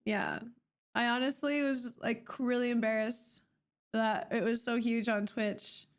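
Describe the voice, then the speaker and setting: A woman's voice: fairly high pitch, steady tone, unhurried. A young woman from Canada chatting casually on a live stream, rambling with many fillers and restarts.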